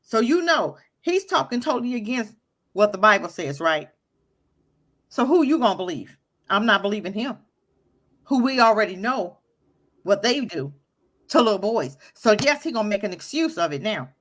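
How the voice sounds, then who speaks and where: A woman co-hosting an online talk radio show, reacting to a clip with animated, emphatic indignation. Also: mid-range voice, moderate pace, pauses often. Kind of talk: casual opinion talk, commenting on a played clip.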